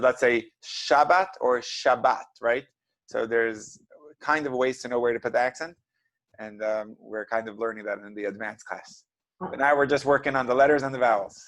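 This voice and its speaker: Man, reading teacher, medium pitch, patient, encouraging, step-by-step explanations, video call. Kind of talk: online group reading lesson.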